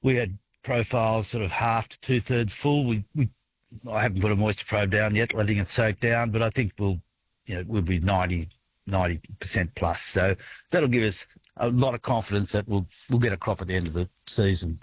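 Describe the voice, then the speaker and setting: A man with an Australian accent, a grain farmer answering a radio interview in a relaxed, halting way with many restarts. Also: lowish voice, breathy edge, low-quality recording.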